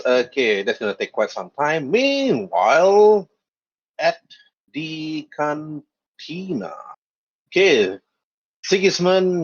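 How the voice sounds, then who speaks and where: A man narrating as game master of a tabletop game, with quick put-on voices for side characters. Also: medium pitch. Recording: dull lo-fi voice chat audio.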